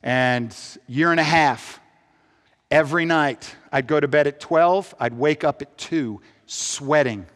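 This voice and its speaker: A man shares a personal testimony in a voice pitched a little high, earnest throughout. He moves from upbeat energy to hushed, heavy reflection. The sound carries a long reverb, as in a large hall. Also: slow. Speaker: speaker giving a testimony.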